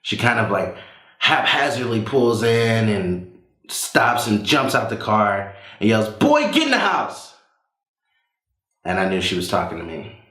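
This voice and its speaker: A man from the Southern United States telling a personal story live on stage in a relaxed, conversational way with fillers. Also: fairly low pitch, unhurried. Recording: roomy live hall.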